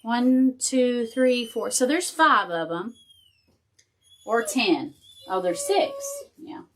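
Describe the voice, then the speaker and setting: A woman's voice: a little high, animated, slow, a little hiss or hum. A woman hosting a casual live crafting tutorial. She thinks aloud as she works and chats with viewers and her dog.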